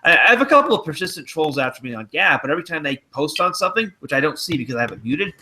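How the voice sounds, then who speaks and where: A man's voice: on the high side, very animated, rapid-fire, sharp tone. A man who is a guest on a casual livestream, explaining his views at length.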